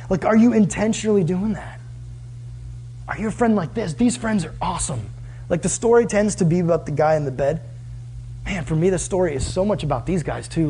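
A man's voice: on the high side, warm tone, slight background noise. A man preaching a sermon as pastor, casual and conversational, asking the listeners many questions.

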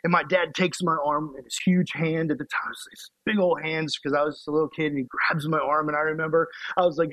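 Young guy preaching, animated and playful, slightly high voice, dry close sound. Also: fast talker, hardly any pauses, no room sound, poor audio. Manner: animated, playful storytelling with laughs. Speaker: youth pastor. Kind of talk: storytelling sermon.

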